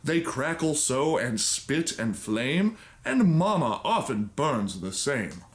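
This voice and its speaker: A man's voice: medium pitch, sing-song, slow. A man reading the rhymed lines of a careless little girl delighted by fire, in a gleeful sing-song way.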